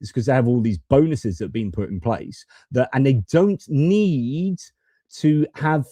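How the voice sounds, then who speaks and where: A man talks through news footage, stopping and restarting with plenty of ums and ahs. His voice sits mellow and dark, recorded dry and close. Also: medium pitch, measured pace, dry recording. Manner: hesitant, many fillers and restarts. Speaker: political commentator. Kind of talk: casual commentary over news clips.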